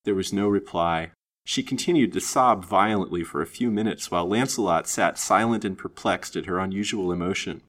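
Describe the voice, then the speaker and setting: A man narrating an old-fashioned novel in a measured, expressive reading. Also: low-pitched. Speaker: storyteller. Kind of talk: storybook narration.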